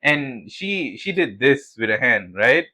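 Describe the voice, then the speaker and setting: A man's voice: medium pitch, slow, low-quality recording. A young man co-hosting a podcast, telling stories in casual chat, acting out quotes and swearing as he goes. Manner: animated storytelling, swears, acts out quotes. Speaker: podcast co-host.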